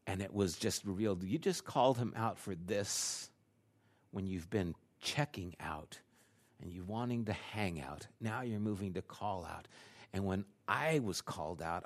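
An older man, a grandfather, preaching a sermon and telling a personal story, acting out his own lines and dropping to a hushed delivery at times. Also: deep voice, a little slow. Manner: drops to a hushed, quiet delivery. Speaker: pastor.

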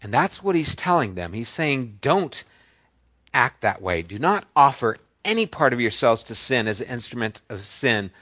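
A man preaching a sermon, teaching through a passage and stressing key words with drawn-out pauses. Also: mid-range voice, big pitch swings, a bit bright, dry recording. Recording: dull lo-fi dry recording.

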